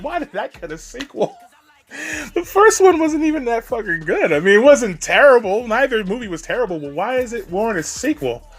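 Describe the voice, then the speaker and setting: A man's voice: extremely high pitch, sing-song, brisk, a bit bright. A man giving ranting video commentary, exasperated and profane, breaking into laughs between points.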